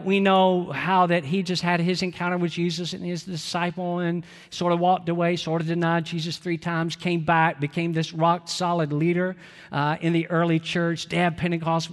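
A man's voice: high voice, a bit bright. A middle-aged man preaching a sermon, talking conversationally and asking the congregation rhetorical questions. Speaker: pastor. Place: church sanctuary. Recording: long hall reverb.

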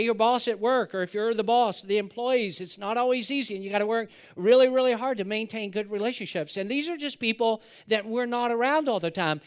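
A man's voice: high-pitched, clear, resonant tone. A man preaching a sermon as a pastor, telling stories in a folksy way and acting out the quotes. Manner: folksy storytelling, acts out quotes.

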